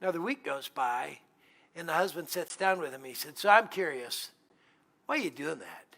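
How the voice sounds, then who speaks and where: A man's voice: on the high side, expressive, normal speed, vocal fry, pushed and bright. A middle-aged man preaching as a guest pastor in a church, telling humorous, conversational stories. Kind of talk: storytelling sermon.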